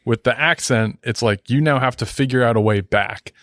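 A man in a casual podcast chat, calmly explaining his reasoning. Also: mid-range voice, moderate pace, no room sound.

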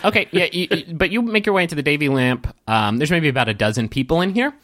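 A man's voice: a little high, expressive, fast, a bit bright, no echo. Game master guy, rambly narration full of ums, dry close sound. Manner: rambling, filler-heavy narration.

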